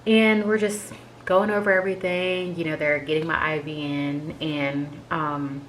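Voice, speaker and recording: Low-voiced woman telling a chatty story. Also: steady tone, unhurried, slight background noise, rough recording. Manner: chatty, filler-heavy with frequent "like"; candid and emotional recounting. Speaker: vlogger sharing a health update. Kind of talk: casual personal storytelling.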